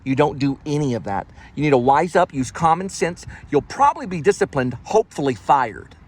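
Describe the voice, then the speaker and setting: A man's voice: fairly high pitch, big pitch swings, brisk, a little hiss or hum. A man talking casually and angrily while driving, rambling and repeating himself in a ranting monologue. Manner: angry, rambling, repetitive. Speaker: vlogger, delivery driver. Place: in a car.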